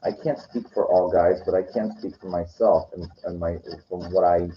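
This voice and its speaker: Speaking at a moderate pace, a man with a deep, steady voice delivers a rambling, casual monologue as a weekend vlogger. He keeps restarting and saying "like" and "you know," and the lo-fi recording sounds dull.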